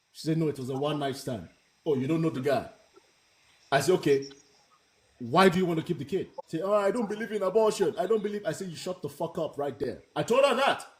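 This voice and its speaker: A man with a high voice leads a live panel discussion. He talks bluntly and with heat, hammering his points home by saying them again and again. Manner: blunt, emphatic, repeats himself. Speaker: host.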